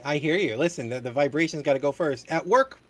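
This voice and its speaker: A man's voice: fairly high pitch, fast, crowd noise. A man hosting a casual chat show, telling stories in a rambling way with casual swearing. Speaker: host.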